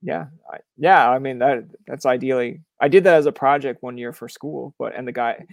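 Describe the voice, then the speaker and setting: A young man from Canada hosts a podcast in a relaxed, talkative way. He riffs through stories, acts out what people said, and swears without a second thought. His voice sits in a middle pitch, recorded close and dry with no room sound. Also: moderate pace, vocal fry, dry recording. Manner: animated storyteller who acts out quoted voices, swears freely. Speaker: podcast host. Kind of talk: casual interview chat.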